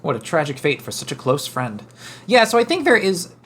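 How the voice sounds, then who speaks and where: A man's voice: on the high side, huge pitch swings, a little fast, fairly bright tone, slight background noise. A man playing a game on a casual stream, thinking aloud about his moves in an easygoing, self-deprecating way. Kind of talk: casual let's-play commentary.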